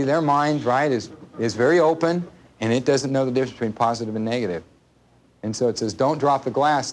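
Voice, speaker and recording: A man's voice: medium pitch, darkish tone. Conversational man teaching a live seminar. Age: adult, parent of a small child. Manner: conversational, repeats points and quizzes the audience. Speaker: workshop instructor.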